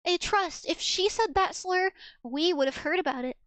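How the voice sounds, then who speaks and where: A woman's voice: very high voice, normal speed, a bit bright, dry recording. A woman VTuber streamer in casual livestream chat, rambling along with lots of fillers and restarts.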